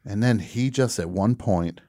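A man hosting a radio show, telling a comic story in a casual, animated way and laughing at his own punchlines. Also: fairly low pitch, measured pace.

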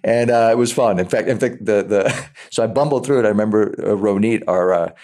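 A man being interviewed about his acting work, talking in a halting way and often repeating words as he thinks aloud. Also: fairly low pitch, darkish tone. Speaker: actor, interview guest. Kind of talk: casual interview talk.

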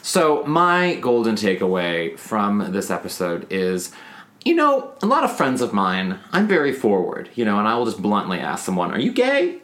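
Young male podcast co-host, low-pitched and lively, blunt and candid. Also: moderate pace. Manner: animated storyteller, blunt and candid. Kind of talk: casual chat.

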